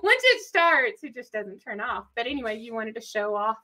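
A woman with a bright, sharp voice and an East Texas accent chats loosely on a genealogy live stream. She rambles off on tangents and laughs easily, pitched a little high. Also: steady tone, fairly quick. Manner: chatty, rambling, laughs often, drawls when teasing. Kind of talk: casual live-stream chat.

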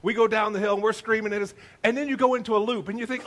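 A middle-aged male pastor telling a funny story in a sermon, with a lively, self-mocking manner. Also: high voice, racing.

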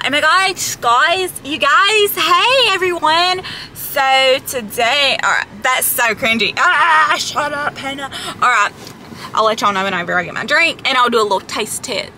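Bubbly bright-voiced woman. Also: a little high, slight background noise. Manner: chatty, self-deprecating, lots of fillers. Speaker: vlogger. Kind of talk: casual vlog chatter. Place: inside a parked car in a drive-thru line. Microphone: handheld camera close up.

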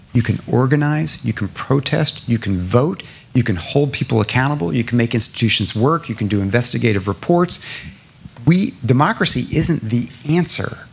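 A man's voice: fairly low pitch, gravelly, slight background noise. A middle-aged man from South Carolina giving an impassioned public talk, building his points through lists and repeated rhetorical questions. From South Carolina, USA. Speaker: nonprofit president speaking to an audience.

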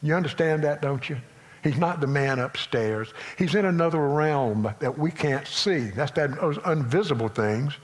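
A man with a Southern US accent delivers a sermon from the pulpit. His voice sits a little high for a man, and he swings from loud, emphatic lines to soft, chatty asides in a folksy way. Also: moderate pace. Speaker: pastor.

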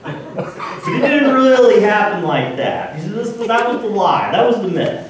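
A man's voice: high-pitched, expressive, a little slow, background noise. A man doing a folksy comic story at a church variety show, joking and breaking into sung parodies. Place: church hall. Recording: echoey hall, distant mic.

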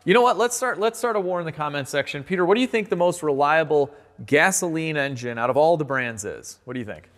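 A man hosting a car-repair video who explains his work casually and jokes between tasks, sometimes letting out excited whoops. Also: fairly high pitch, brisk, hardly any pauses. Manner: upbeat and joking, with sudden excited whoops. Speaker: host and car mechanic. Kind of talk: casual repair vlog commentary. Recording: echoey garage reverb.

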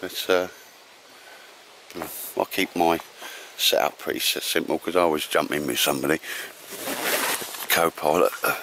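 Low-voiced male vlogger, slangy and chatty, recorded outdoors with light background noise. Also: normal speed, sharp tone. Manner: chatty, slangy, keeps saying ladies and gents. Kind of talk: casual camping vlog walkthrough. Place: outdoors at a campsite.

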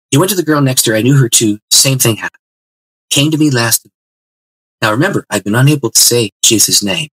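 A man with a bright, husky voice tells his testimony, animated and stumbling over restarts as he goes. The delivery is lower-pitched, and the sound is dry and close. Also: no room sound, poor audio. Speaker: guest author. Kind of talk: interview storytelling.

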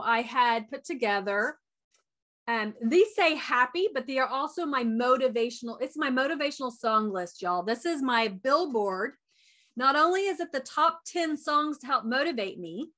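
A woman, giving a chatty, animated motivational talk as a wellness coach. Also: high-pitched. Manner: chatty and animated, says y'all a lot; talks fast.

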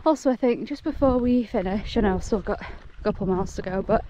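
A solo hiking vlogger, a woman, talks casually to the camera while walking a moorland trail, out of breath and gushing giddily with lots of laughter. Her voice is medium-pitched, mellow and fairly quick. The highs are cut off and there's slight background noise.

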